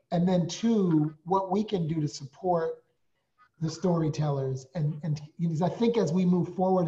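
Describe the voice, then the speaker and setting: Man co-hosting a panel, slightly high voice, hesitant and rambling, muffled video call sound. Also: darkish tone. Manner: hesitant, with many fillers and restarts. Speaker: co-host.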